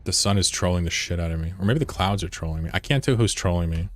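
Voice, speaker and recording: A man's voice: sits low, fast. A man chatting casually to his viewers during a live game stream at home, rambling and swearing freely. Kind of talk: casual live-stream chat while gaming. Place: room at home with a window.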